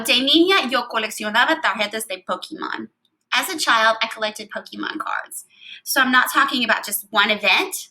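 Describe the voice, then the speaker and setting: A young adult woman teaching Spanish grammar in a recorded lecture, explaining step by step in a clear, even way. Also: on the high side, poor audio.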